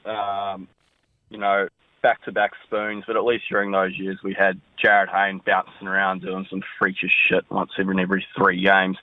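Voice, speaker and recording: Man, New Zealand accent, tinny phone line, lowish voice, glum and candid. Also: completely flat delivery, normal speed, no echo. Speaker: caller. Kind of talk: phoned-in voice message.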